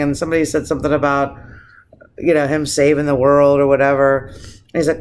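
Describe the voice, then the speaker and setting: A man's voice: mid-range voice, flat delivery, brisk, slight background noise. Impassioned, swearing male vlogger. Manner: profane, impassioned, rambling with restarts. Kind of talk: casual vlog rant.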